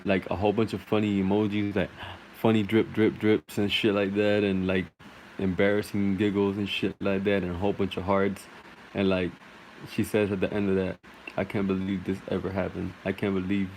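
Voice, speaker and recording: Comic storyteller: a man with a lowish voice, rambling and loose, faint air-conditioner hum behind. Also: low-quality recording. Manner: rambling, full of fillers and laughs.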